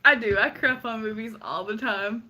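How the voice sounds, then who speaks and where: A playful woman banters casually with her friend on a livestream, laughing often as she acts out her own reactions. Her voice is high and very bright, with a crisp, sharp edge. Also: normal speed. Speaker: co-host of a livestream chat. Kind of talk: casual chat.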